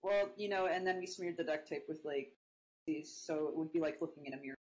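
A woman co-hosting a casual online chat, teasing in a deadpan way and stammering through restarts. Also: sits low, quick pace, highs cut off.

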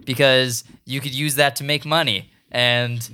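A man's voice: medium pitch, steady tone, measured pace, pushed and bright, a little hiss or hum. A man hosting a casual podcast chat, laughing often and restarting his sentences. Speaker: podcast host.

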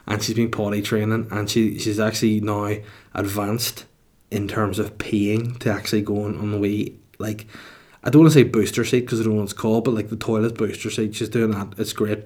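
Northern irish guy rambling on his podcast, sweary and jokey, lowish voice. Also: a little mellow. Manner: sweary, rambling, comic storytelling. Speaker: podcast host. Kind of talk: casual solo podcast chat.

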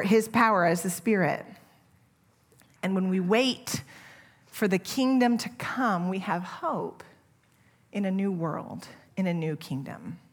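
A middle-aged woman preaching a sermon in a church, earnest and gentle, often pausing to restart a phrase. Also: medium pitch.

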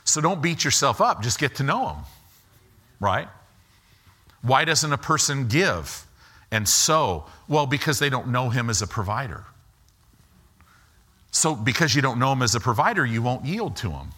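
A man preaching a sermon as pastor, slowing for emphasis and acting out quoted lines with rising and falling pitch. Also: very animated, sharp tone, husky. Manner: slow deliberate emphasis.

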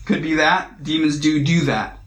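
A man with a fairly high voice leads a relaxed Bible study in a roomy, echoing space. He talks conversationally, restarts phrases and keeps checking in with his listeners. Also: normal speed. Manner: conversational, repeats words, asks "right?". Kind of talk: casual Bible teaching.

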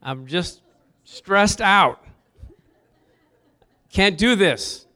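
A man's voice: high voice, animated, sharp tone, voice pushed up, heavily acted. A man playing a harried, fretting man. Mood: fretful. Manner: rushed, fretful, complaining. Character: harried adult man fretting over a packed schedule.

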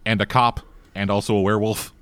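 A man's voice: fairly low pitch, flat delivery, fast, fairly bright tone, smooth, dry recording. A man in casual podcast chat, talking crudely and animatedly and laughing often. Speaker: podcast co-host.

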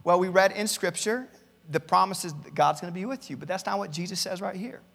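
Male pastor, sermon, somewhat high gravelly voice, big reverberant church hall. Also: fairly quick, fairly bright tone. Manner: earnest preaching, reads many Bible verses aloud, repeats words at starts. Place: church campus, large hall.

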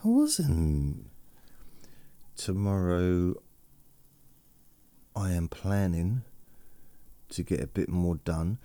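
A man's voice: deep voice, flat delivery, slow pace, long pauses, dark tone, dry recording. A man hosting a bedtime podcast, rambling in a meandering, self-deprecating way, with his voice edited and processed to sound relaxing. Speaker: podcast host. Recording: processed close-mic studio voice.

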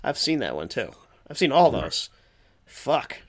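A man's voice: mid-range voice, sing-song, a little slow. A man co-hosting a podcast in casual chat, wry and self-mocking, swearing casually. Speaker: podcast co-host.

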